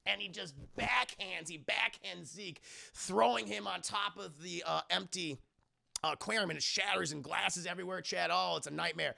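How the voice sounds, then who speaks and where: A man's voice: high-pitched, moderate pace, vocal fry, sharp tone. A man streaming live, recapping a film in a rambling, profane way and talking straight to his chat.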